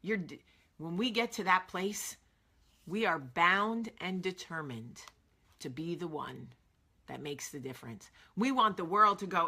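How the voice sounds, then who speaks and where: A woman's voice: lowish voice, animated, a little slow, pushed and bright, breathy edge. A woman hosting an advice vlog, earnest and direct, repeating phrases for emphasis. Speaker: vlog host.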